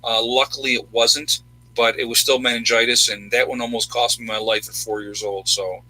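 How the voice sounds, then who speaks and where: A man's voice: mid-range voice, level tone, normal speed, bright, forceful tone, rough recording. A man hosting a livestream, answering chat questions in a rambling, self-interrupting, casual way.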